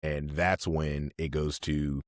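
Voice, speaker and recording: Deep-voiced man telling stories animatedly. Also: slow pace, no room sound, clean studio sound. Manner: animated, acts out voices, laughs often. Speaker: podcast guest, army officer. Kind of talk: casual storytelling.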